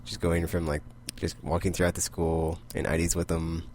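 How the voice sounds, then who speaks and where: A man's voice: low-pitched, monotone, normal speed, a little mellow, slight background noise. A man casually recapping comic books, rambling and full of "like". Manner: rambling, heavy use of "like". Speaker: comic book vlogger.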